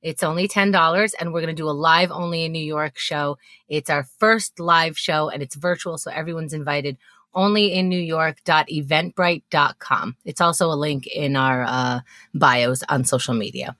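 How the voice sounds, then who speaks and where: Low-voiced woman cohost, quick and wry, bright tone. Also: steady tone, no echo, clean studio sound. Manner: brisk, plugging an event. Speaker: podcast co-host. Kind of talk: casual chat.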